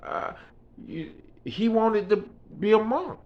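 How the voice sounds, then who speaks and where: A man voicing a calm young woman who answers softly. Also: high voice, slow, dull audio, pitched above the performer's own voice, exaggerated voice.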